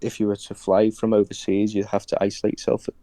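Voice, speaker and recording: A man's voice: fairly low pitch, monotone, quick pace, mellow, no echo. A man chatting casually as a podcast guest, hesitant, with many ums and restarts. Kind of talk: casual chat.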